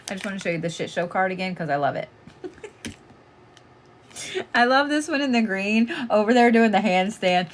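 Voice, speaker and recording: A woman's voice: lowish voice, background noise. A woman giving casual live oracle card readings, blunt and chatty, swearing freely as she talks to callers.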